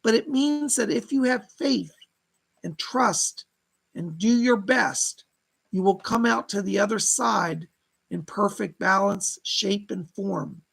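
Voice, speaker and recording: Gravelly husky man giving chatty readings. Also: high voice, takes it slowly, a bit bright, rough recording. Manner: chatty, reads out viewer comments, laughs often. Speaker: psychic reader hosting a live stream. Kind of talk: casual live-stream reading.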